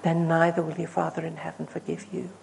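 A woman delivers a sermon in a mellow, darker voice. She tells stories earnestly, pushing lines out with emphasis and then letting them fall almost to a hush. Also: sits low, completely flat delivery, brisk, creaky, slight background noise, poor audio. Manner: earnest, rising to emphatic then dropping to hushed. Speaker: preacher.

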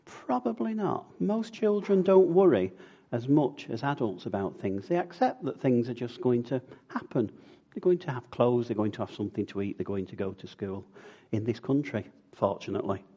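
A man's voice: mid-range voice, lively intonation, moderate pace, mellow, husky, dull audio. A man preaching a sermon in a conversational way, often putting questions to the congregation.

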